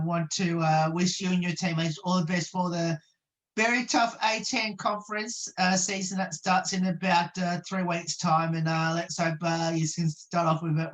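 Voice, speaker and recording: A woman interviewer for a radio show, asking questions over a video call with many ums and uhs. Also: on the low side.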